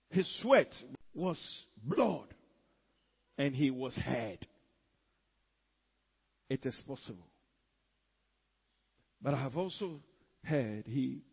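A man preaching a sermon, moving between hushed pleading and loud, emphatic bursts. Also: medium pitch, sing-song, slow pace, creaky, pauses often, husky, dull audio.

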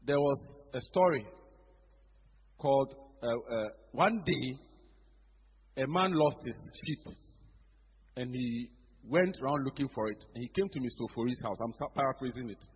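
In a church hall, with dull, echoey sound, a man with a Ghanaian accent delivers a lively sermon, imitating congregants and slipping in local phrases. His husky voice is medium-pitched, at normal speed, and he pauses often.

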